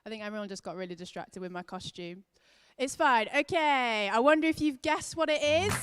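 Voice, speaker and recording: A woman's voice: on the high side, brisk, slight background noise. A young woman hosting a children's church session online, chatty and upbeat with a slightly scattered delivery.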